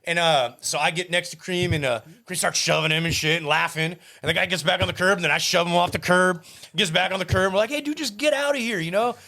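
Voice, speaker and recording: Male podcast co-host, bright forceful tone, higher pitch, animated profane storyteller. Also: quick pace, creaky. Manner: animated, profane, acts out the people in his stories. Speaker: podcast co-host, tattoo artist. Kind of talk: casual storytelling chat.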